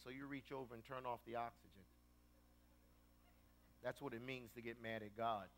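A middle-aged man preaching a sermon, telling stories with animated swings and shouting at the peaks. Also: medium pitch, a little hiss or hum.

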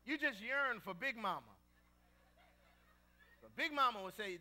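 A middle-aged man preaching a sermon, telling stories with animated swings and shouting at the peaks. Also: very high voice, unhurried, long pauses.

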